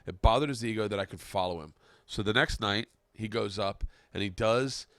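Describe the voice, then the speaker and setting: A man's voice: fairly low pitch, fairly bright tone, no room sound, clean studio sound. A man hosting a podcast, a stand-up comic in casual chat who tells profane stories and acts out the quotes. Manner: fast, profane storytelling with acted-out quotes.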